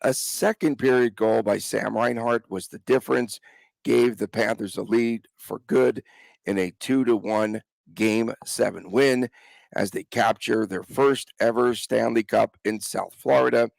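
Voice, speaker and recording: A man's voice: medium pitch, steady tone, a little slow, gravelly, dry recording. A man with a cold hosting a casual sports podcast, chatting with his co-host and reading the intro. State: has a cold.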